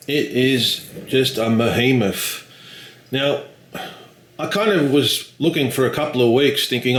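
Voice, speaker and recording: A man's voice: mid-range voice, roomy sound, a little hiss or hum, poor audio. A man chatting casually in a rambling, self-deprecating vlog, swearing lightly. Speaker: vlogger.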